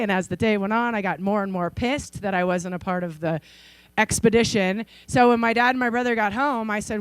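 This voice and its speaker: Lively storytelling woman in her forties. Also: medium pitch, normal speed, smooth, no echo. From Idaho, USA. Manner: lively, acts out the voices of people in her stories. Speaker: keynote speaker. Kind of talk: storytelling speech. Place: conference stage.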